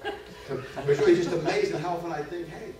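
A man preaching a sermon at a men's retreat, impassioned and repetitive, building in pitch and force as he goes. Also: very fast, darkish tone, soft background music. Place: church hall or retreat room. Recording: echoey hall, far from the mic.

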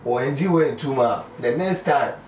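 A man with a Ghanaian accent giving his view in a casual street interview, talking haltingly and mixing pidgin English and Twi. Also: mid-range voice, darkish tone. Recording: echoey, distant mic, faint noise.

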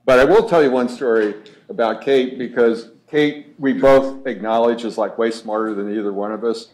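A man introducing the next speaker at a conference, relaxed and anecdotal, pausing often with "uh". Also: mid-range voice. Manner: relaxed, anecdotal, many "uh" pauses.

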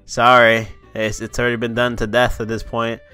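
A young man rants into his camera in a casual vlog, swearing freely and sneering sarcastically at his subject. His voice is bright and sharp, at an ordinary pitch for a man. A faint bed of music plays underneath. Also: monotone, moderate pace, clear, resonant tone. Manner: profane, sarcastic, mocking. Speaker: YouTuber.

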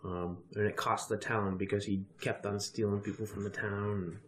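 A man's voice: on the low side, little pitch movement, normal speed, reverberant, crowd noise. Casual young man narrating as game master. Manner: casual, filler-heavy narration.

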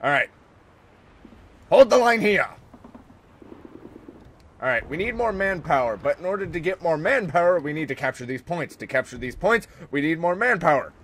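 An American man giving casual joking commentary over a war strategy game, talking to his soldiers and sometimes yelling at them. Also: a little high, lively intonation, fast, few pauses. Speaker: gameplay commentator. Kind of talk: casual let's-play commentary.

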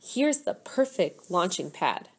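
A woman's voice: on the low side, very animated, takes it slowly, slightly rough, full character voice. Ms. Frizzle, a cheerful teacher, read by a woman. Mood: upbeat. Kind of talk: storybook read-aloud.

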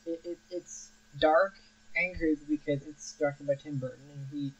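A man's voice: fairly high pitch, steady tone, normal speed, a bit bright, slightly rough, muffled recording. A young man hosting a film review show, talking casually and rambling with frequent restarts and fillers.

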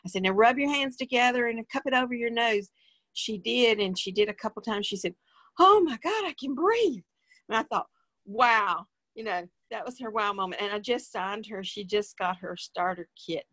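A woman's voice: medium pitch, steady tone, normal speed, fairly bright tone, no room sound. A woman guest in a casual interview, telling a story in a plain, rambling way with many fillers.

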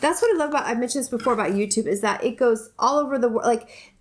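A woman from the United States chats casually as a vlogger, opening mail from viewers. Her voice sits a little high, and she gushes warmly, repeating her thanks and rambling with plenty of fillers. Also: fast talker, slight background noise. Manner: gushing, effusive, repeats herself; soft, rambling with many fillers. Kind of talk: casual vlog chat.

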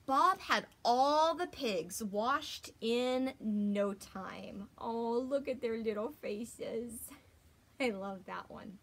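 A young adult woman teacher reading a picture book aloud to children, gentle and expressive with gasps and whispers. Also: a little high, extremely slow.

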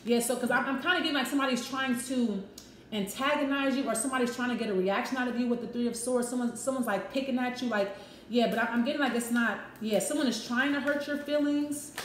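Quick and fairly high-pitched, this tarot reader chats through a laid-back love reading, repeating herself and dropping blunt, swear-laden comments. The room echoes and carries a faint noise.

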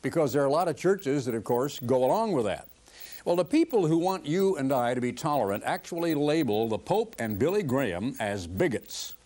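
A man's voice: mid-range voice, lively intonation, brisk, mellow. An older man giving a televised sermon in an earnest, conversational preaching manner.

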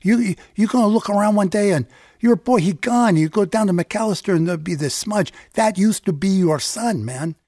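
A man's voice: high voice, animated, moderate pace, a little mellow, no echo, clean studio sound, voice pushed up. A man voicing a kind, muscular Chicano mechanic, urgent and stammering, with a Spanish-tinged accent. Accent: Mexican American Spanish-tinged English.

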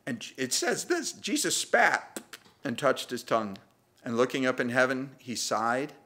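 Man, pastor, casual humorous sermon, acts out bits of dialogue, crisp bright voice. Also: medium pitch, sing-song, unhurried. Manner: conversational, self-deprecating, acts out voices with humor. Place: church.

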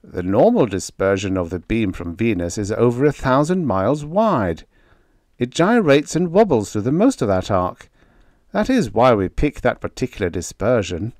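A man's voice: mid-range voice, very animated, normal speed, a little mellow, no echo, close to an everyday voice. A man voicing a witty, dry-humored male station director in a science fiction story reading. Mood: wry. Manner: dry, mock-formal.

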